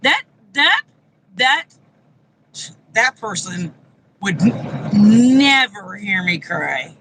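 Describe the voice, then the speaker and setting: A woman's voice: medium pitch, sing-song, very slow, noisy background. A woman co-hosting a casual chat show, hesitant and repeating her words. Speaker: co-host.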